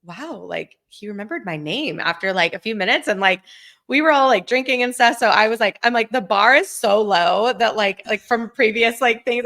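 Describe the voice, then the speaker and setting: A woman in her thirties telling a story on a podcast, animated, acting out quotes and laughing often. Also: medium pitch, moderate pace. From Southern California. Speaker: podcast co-host. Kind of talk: casual storytelling chat.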